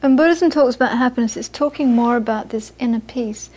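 This Buddhist teacher's slightly high, somewhat mellow voice moves fairly quickly through a dharma talk for a small audience. She relates anecdotes and often repeats words while hunting for how to say things.

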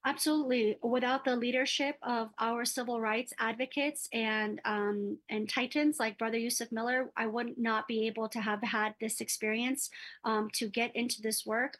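A woman's voice: fairly high pitch, fairly even intonation, moderate pace, fairly bright tone. A middle-aged woman speaking earnestly as a community organizer in a radio interview, with occasional stumbles.

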